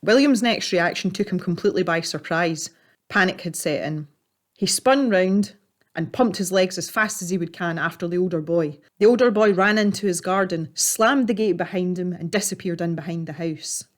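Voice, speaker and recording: Woman narrator, lower voice, calm measured storybook read. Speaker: artist and storyteller. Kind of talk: storybook narration while painting.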